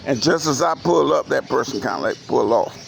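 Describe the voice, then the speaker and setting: A man telling a story in a casual, profane, animated way for his vlog. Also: mid-range voice, brisk, gravelly. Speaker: vlogger. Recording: noisy outdoor recording. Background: roosters and chickens.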